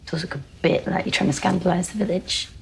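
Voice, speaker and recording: An actress playing a grumpy, down-to-earth young gardener with a Manchester accent in a drama series, speaking in a dry, teasing way. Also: female voice, lowish voice, fairly even intonation, fast, vocal fry, slight background noise. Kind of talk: television drama acting.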